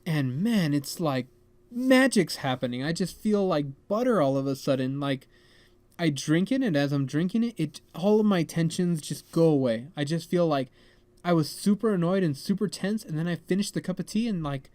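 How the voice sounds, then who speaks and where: A young man hosting a podcast, telling a story in a rambling, animated way full of "like" and "man". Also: fairly high pitch, normal speed, dry recording. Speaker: podcast host. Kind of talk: casual storytelling.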